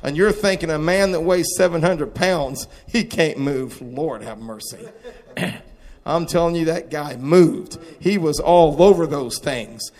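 A man preaching a testimony sermon, moving between quiet storytelling and shouted exclamations. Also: on the high side, measured pace. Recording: long hall reverb.

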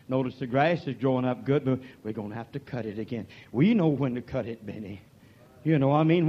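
An older man preaching a sermon, moving from quiet folksy talk to shouted, drawn-out peaks. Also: mid-range voice, dull audio, a little hiss or hum.

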